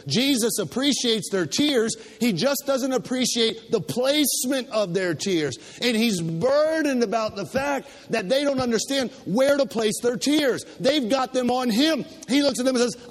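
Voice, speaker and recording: A pastor preaching a sermon, stacking rhetorical questions in a rising cadence, with restarts and repeated words, in a church. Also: male voice, sits high. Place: church sanctuary. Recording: long hall reverb.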